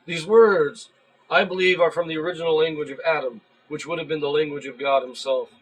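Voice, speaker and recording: A man's voice: fairly high pitch, steady tone, fairly quick, slightly rough, rough recording. A man giving casual spoken commentary on a religious topic, earnest and at times worked up and emphatic.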